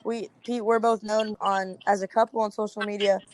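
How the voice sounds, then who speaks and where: A woman's voice: medium pitch, level tone, normal speed. A woman, a social media creator, chatting casually as a podcast guest, filling her talk with "like". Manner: chatty, heavy use of "like".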